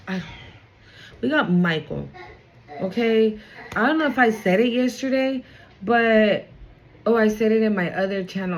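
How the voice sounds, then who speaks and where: A woman's voice: mid-range voice, dull audio, a little hiss or hum. A woman giving a casual spiritual card reading to her viewers, chatty and blunt, swearing freely and reassuring them.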